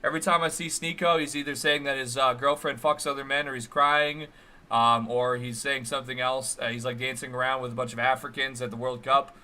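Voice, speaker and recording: A man's voice: medium pitch, steady tone, a little fast, sharp tone. A man hosting a live stream, reacting to a video with sardonic, dry commentary. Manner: sardonic, dry mocking remarks.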